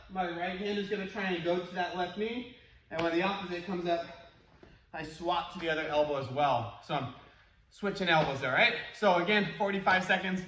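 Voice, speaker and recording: A man's voice: sits high, fairly bright tone, slight background noise. A male martial arts instructor, coaching an online class in an upbeat, encouraging way. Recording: echoey room, mic at a distance.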